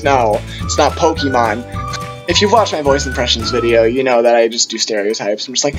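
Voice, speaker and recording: A man's voice: medium pitch, brisk, over music, rough recording. A young man vlogging a casual storytime, rambling through tangents and quoting himself in funny voices.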